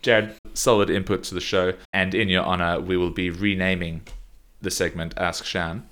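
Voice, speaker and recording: Very deep-voiced laughing man. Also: little pitch movement, moderate pace, a bit bright. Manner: laughs often, playful and teasing. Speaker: podcast co-host. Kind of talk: casual chat.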